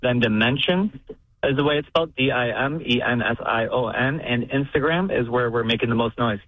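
A man's voice: medium pitch, fairly quick, no echo. Man calling in over a tinny phone line. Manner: eager, hesitant with fillers. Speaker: caller. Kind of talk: phone-in call to a radio show.

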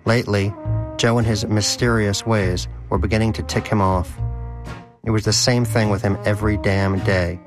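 Low-voiced man narrating wryly. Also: fairly even intonation, moderate pace, music in the background. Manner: wry, dry storytelling. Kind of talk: audiobook narration.

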